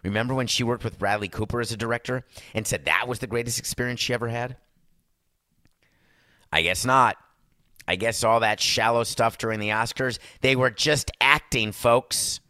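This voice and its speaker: A man with a bright, forceful voice hosts a podcast in loose, casual chat. He rambles sarcastically and calls his listeners folks. His voice sits dry and close on a studio mic. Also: medium pitch, normal speed, pauses often, no room sound. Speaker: podcast host. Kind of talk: casual chat and movie review.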